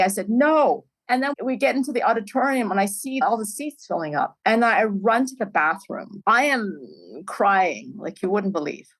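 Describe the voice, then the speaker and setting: A middle-aged woman, a filmmaker guest on a podcast, telling stories in an animated way and laughing often. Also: medium pitch, poor audio. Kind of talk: storytelling in a podcast interview.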